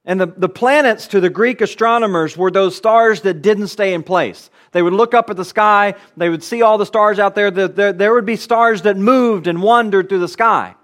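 High-voiced man preaching a sermon. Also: normal speed, few pauses, a bit bright. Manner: earnest, emphatic teaching with repeated phrases. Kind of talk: expository sermon.

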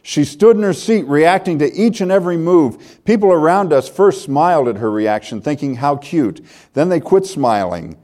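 A man's voice: medium pitch, mellow. An older man preaching a sermon, reading a story aloud in an earnest, heartfelt way.

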